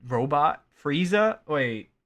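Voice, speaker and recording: A male streamer talks in a bright, lively voice that swings up and down in pitch. He speaks slowly and rambles, cutting himself off mid-thought and laughing often in casual livestream commentary. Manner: rambling, self-interrupting, laughs a lot.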